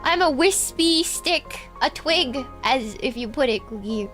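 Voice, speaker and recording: Bright high-pitched woman streamer. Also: expressive, measured pace. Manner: chatty, calls viewers "Cookie", trails off softly at phrase ends. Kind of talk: casual livestream chat, reading viewer donations. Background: faint background music.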